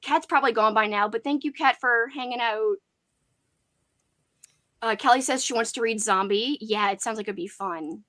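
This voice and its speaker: This booktube host is a young woman whose voice sits on the high side, bright and pushed, at a moderate pace. Chatting loosely about books on a casual livestream, she leans on "like" fillers and reads out comments from the chat.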